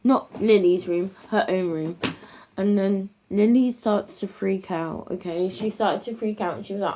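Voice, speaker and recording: A woman's voice: medium pitch, unhurried, dark tone, slight background noise. A woman improvising a spooky story in a rambling, casual way, full of fillers and restarts, on a dull lo-fi home recording.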